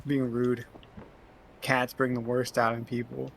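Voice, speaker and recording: A man's voice: mid-range voice, completely flat delivery, a little slow, gravelly, a little hiss or hum. A man joking and teasing in casual banter while friends play a game on stream.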